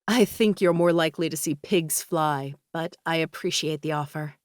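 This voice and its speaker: A woman voicing a shaken young woman writer who speaks softly and slowly, keeping a brave face. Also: sits low, no echo, studio quality, natural voice. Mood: subdued.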